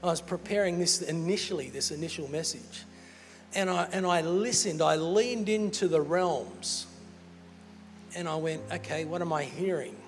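A man preaching a sermon as pastor, animated and playful, laughing between points. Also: a little high, a little slow. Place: large church hall. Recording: church hall with reverb and faint music.

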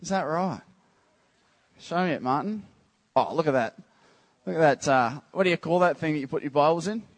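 A man preaching a casual, joking sermon to a church congregation, teasing the crowd with quick questions. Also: on the high side, expressive. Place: church service.

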